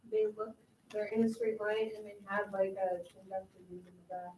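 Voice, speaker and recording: A woman's voice: medium pitch, steady tone, moderate pace, warm tone. A young woman student answering her teacher's questions casually in class. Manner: casual, uses "like" a lot. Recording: distant, roomy classroom with background noise.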